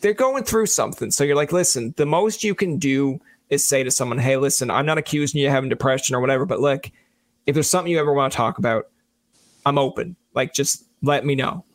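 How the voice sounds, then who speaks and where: A man's voice: medium pitch, quick pace, dry recording. A man in casual podcast chat, telling self-deprecating stories and acting out his own lines. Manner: joking storyteller who acts out his own lines.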